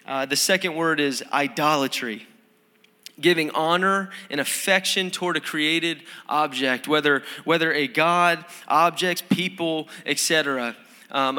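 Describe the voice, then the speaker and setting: Young male preacher, bright and forceful, casual earnest delivery, church hall reverb. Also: on the high side, smooth. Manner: earnest, conversational, with frequent fillers and restarts. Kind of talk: sermon. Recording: sermon in a hall with long reverb.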